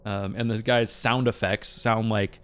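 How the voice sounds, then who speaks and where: Animated, rambling man reviewing a movie. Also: lowish voice, unhurried, clear, resonant tone, faint music behind. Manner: animated and rambling, with laughing asides.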